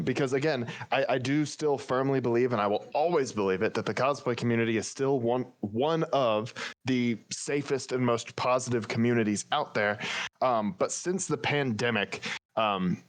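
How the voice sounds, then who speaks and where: A man co-hosting a casual podcast, talking candidly and thinking aloud as he goes. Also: medium pitch. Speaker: podcast co-host.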